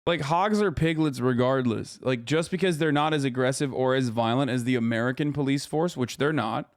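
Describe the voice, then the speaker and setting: A man's voice: mid-range voice, a little fast, dry recording, clean studio sound. A man in his thirties streaming live, reacting bluntly with emphatic, profane asides.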